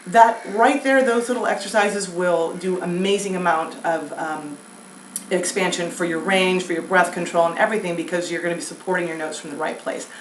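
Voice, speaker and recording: A woman vocal coach giving a singing lesson, explaining breath and throat exercises in a relaxed, chatty way and demonstrating sung scales. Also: lowish voice, a little fast, recorded from a distance. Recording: echoey room with faint noise.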